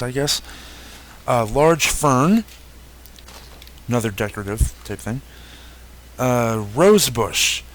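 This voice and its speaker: A young man narrates a video game walkthrough in a relaxed, easygoing way, pausing often with fillers and correcting himself as he goes. His voice sits at an ordinary pitch, with a faint hum behind it. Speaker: gaming YouTuber. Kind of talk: casual game update walkthrough.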